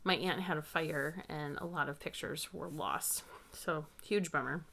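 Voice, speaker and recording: A woman in her thirties hosting a knitting podcast, chatting casually and telling family stories in a warm-hearted way. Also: low-pitched, measured pace, creaky. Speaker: podcast host. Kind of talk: casual chat.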